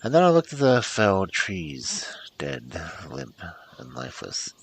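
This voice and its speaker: A man's voice: deep voice, huge pitch swings, unhurried, vocal fry, slight background noise, rough recording. A man streaming a story game, reading the narration aloud and muttering asides to himself.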